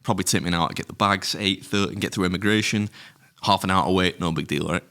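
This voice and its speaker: Man, middle-aged podcast co-host. Rapid, rambling, sweary delivery with a very deep but bright voice. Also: vocal fry. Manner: rambling anecdotes, frequent swearing and laughter. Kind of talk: casual chat, storytelling.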